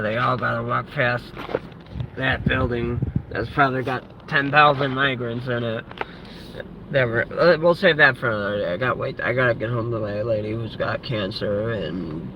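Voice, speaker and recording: A man telling a story in an angry, profane vlog rant, rambling and restarting often. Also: mid-range voice. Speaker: vlogger. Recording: lo-fi with faint background noise.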